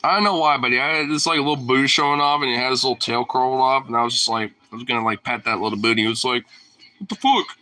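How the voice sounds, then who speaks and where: A man's voice: mid-range voice, little pitch movement, racing, few pauses, pushed and bright, faint music behind. A young man casually filming his dog and teasing it in playful baby talk.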